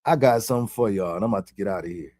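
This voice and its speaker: A man's voice: fairly low pitch, very fast, mellow, dry recording. A man giving a rambling, profane spiritual monologue in casual street slang. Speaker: vlogger.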